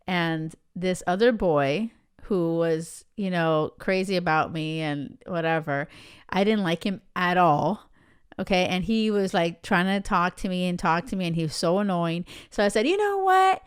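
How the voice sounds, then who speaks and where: A woman's voice: fairly low pitch, clean tone. A woman hosting a podcast, telling personal stories in a chatty way and checking in with listeners. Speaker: podcast host. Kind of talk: casual storytelling monologue.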